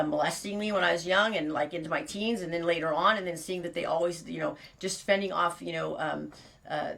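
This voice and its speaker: A woman's voice: lowish voice, creaky, fairly bright tone. A woman in her fifties hosting her own show, telling a personal story in a blunt, rambling way full of fillers and restarts, with frequent laughs. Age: 50s. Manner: laughs often. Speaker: host.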